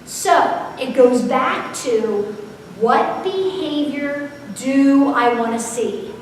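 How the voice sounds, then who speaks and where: Speaking extremely slowly in a high-pitched voice, a woman runs a parenting seminar, telling stories casually and putting questions to the audience in a conversational style. The sound is distant and echoey, recorded far away in a large hall, with a faint hiss.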